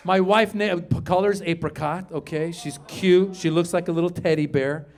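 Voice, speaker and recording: A middle-aged man from Iran doing an animated stand-up set on a club stage, acting out shouted quotes as he tells stories. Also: sits high, moderate pace. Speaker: stand-up comedian. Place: comedy club stage with live audience.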